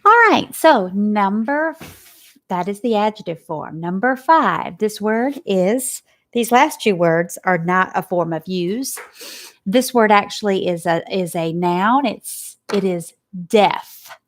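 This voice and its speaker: Woman teacher, very slow and deliberate phonics lesson for kids, sounds out each letter. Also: mid-range voice, lively intonation. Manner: asks questions and praises. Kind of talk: spelling lesson for children.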